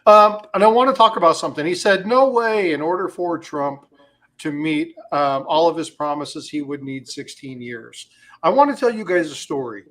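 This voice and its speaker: A man's voice: a little high, normal speed, fairly bright tone. A man hosting a casual livestream, talking in a rambling way with many fillers and telling stories. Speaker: crypto livestream host.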